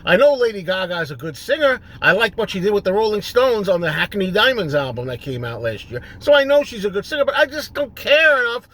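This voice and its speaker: A middle-aged man hosting a solo rant video, exasperated and repetitive, building up to shouting. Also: high voice, sing-song, a little fast, hardly any pauses.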